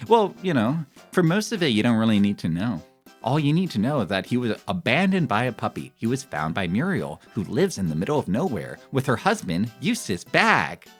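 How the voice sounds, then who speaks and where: A man in his thirties chatting casually with his stream viewers in a rambling, animated way, often breaking into laughter. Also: medium pitch, a little fast, faint music behind. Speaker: live streamer.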